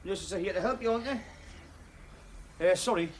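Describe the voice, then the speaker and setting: Chatty northeastern bloke. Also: male voice, high voice, unhurried, background noise. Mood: coaxing. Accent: Northeast English. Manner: coaxing, chatty, full of "man" and "eh". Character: friendly northeastern working man visiting a patient. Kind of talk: television drama acting.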